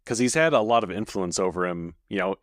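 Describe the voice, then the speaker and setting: A man with a low voice co-hosts a podcast, talking a little fast as he casually recaps a TV episode scene by scene. He's relaxed and quotes lines along the way, and the studio-quality recording has no echo.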